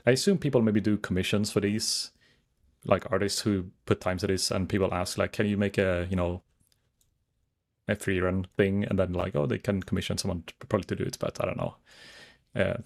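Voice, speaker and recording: A man's voice: sits low, gravelly. A man chatting casually to his viewers while streaming a game, rambling as he browses and reads chat.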